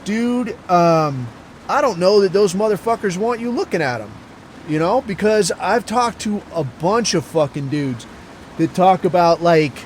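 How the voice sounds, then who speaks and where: A man hosting a podcast, telling stories in a crude, rambling monologue full of swearing and deadpan asides. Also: high-pitched, measured pace, a little hiss or hum. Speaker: podcast host. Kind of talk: profane casual storytelling monologue.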